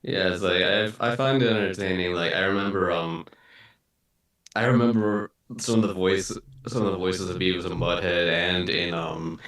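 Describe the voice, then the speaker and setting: A man's voice: low-pitched, fairly even intonation, normal speed, fairly bright tone. A man chatting casually in a group meeting, rambling loosely with fillers. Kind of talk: casual chat. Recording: echoey room, far from mic.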